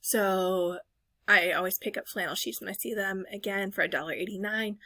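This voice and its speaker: A bright, forceful woman in her thirties talks through a thrift haul as a voice-over. She rambles in a friendly way, corrects herself mid-sentence and drops fillers. The sound is dry and close, with no room around it. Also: medium pitch, steady tone, moderate pace, no room sound. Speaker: reseller vlogger. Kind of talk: casual voice-over chat.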